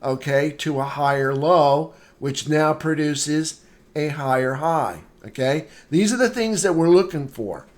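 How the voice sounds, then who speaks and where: Speaking a little slowly in a fairly high-pitched voice, a male trading instructor leads a live market analysis lesson. He keeps repeating points, checks in with "okay?" again and again, and greets viewers by name partway through.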